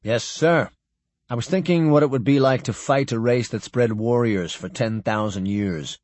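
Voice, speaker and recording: A man's voice: normal speed, a little mellow, no echo, close to an everyday voice. A man doing a grim naval officer. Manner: grim, low-spoken.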